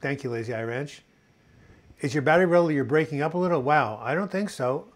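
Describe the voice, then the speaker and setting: A man's voice: on the high side, fairly quick. Chatty man in his sixties telling corny jokes. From United States. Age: 60s. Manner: chatty, tells corny jokes and puns, reads viewer comments aloud. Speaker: host of a live video chat on mental health. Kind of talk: casual live-stream chat.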